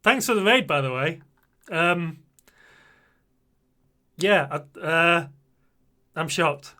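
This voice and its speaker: A man's voice: on the high side, lively intonation, takes it slowly, pushed and bright. A British man in his forties, chatting casually and a bit flustered while live streaming. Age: 40s. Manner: chatty and flustered, laughing often.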